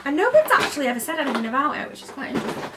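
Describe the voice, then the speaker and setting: A woman's voice: high voice, sing-song, rapid-fire, heavy background noise. A young British woman chatting casually while unboxing beauty products, playfully shifting her accent as she talks. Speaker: beauty vlogger.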